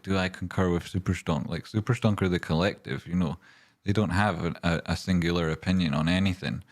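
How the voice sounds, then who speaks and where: Casting note: male streamer, very deep voice, brash and sweary, casual chart talk. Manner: ranting and swearing, then rambling while walking through charts. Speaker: livestream host and stock chart analyst. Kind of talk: casual livestream chat, reading viewer questions.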